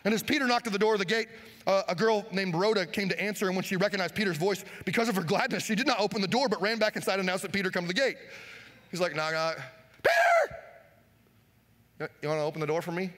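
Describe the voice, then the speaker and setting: A pastor preaching a sermon, animated, acting out Bible scenes and shouting for emphasis. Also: male voice, high voice, racing. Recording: long hall reverb.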